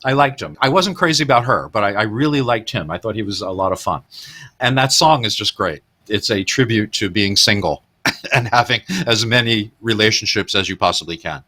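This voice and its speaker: A man's voice: on the low side, lively intonation, fairly quick, sharp tone. A man hosting a podcast, animatedly retelling film scenes in casual chat and laughing often. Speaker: podcast host.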